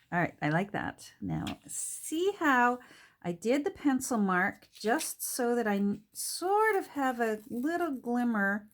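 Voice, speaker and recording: A woman from Canada with a Canadian accent, chatting casually and musing aloud to herself while she works on a craft project. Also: medium pitch. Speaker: junk journal crafter.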